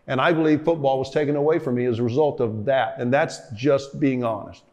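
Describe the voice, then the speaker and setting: In this reflective storytelling interview, a former football player now older reminisces in a meandering way, stumbling through fillers and restarts. He talks briskly in a medium, slightly mellow voice.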